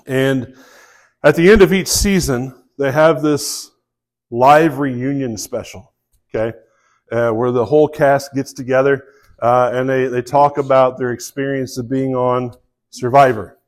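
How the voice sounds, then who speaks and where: A pastor with a Southern US accent preaches to a live congregation, telling a story in an unhurried, relaxed manner full of fillers. His voice is medium-pitched.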